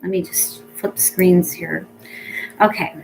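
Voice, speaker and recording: A woman speaking as a pet psychic medium in a casual reading, chatty and rambling with many ums, gentle and reassuring. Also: fairly low pitch, steady tone, slow, creaky, soft background music, rough recording.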